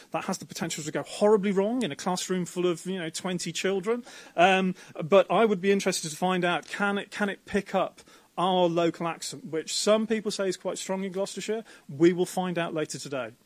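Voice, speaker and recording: A man's voice: sits high, no room sound. A man organising a coding event, talking keenly and explaining in a radio interview on a university campus. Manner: enthusiastic, explanatory, with fillers.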